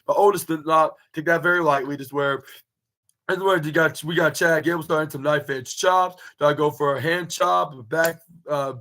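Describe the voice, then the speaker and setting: A young man talks through a wrestling match move by move in a loose, casual podcast recap. His voice sits a little higher than most men's, and he stumbles through fillers and restarts as he goes. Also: steady tone, normal speed, pushed and bright, rough recording. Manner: rambling, many fillers and restarts. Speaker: podcast host reviewing wrestling. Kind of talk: casual recap, play-by-play retelling.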